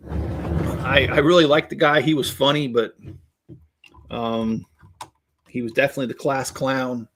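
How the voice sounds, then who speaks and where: A man's voice: mid-range voice, fairly even intonation, measured pace, fairly bright tone, a little hiss or hum. A man in his fifties hosting a casual live stream, chatting with viewers in a rambling, jokey way and chuckling often. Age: 50s. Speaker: host building LEGO sets while reading viewer chat.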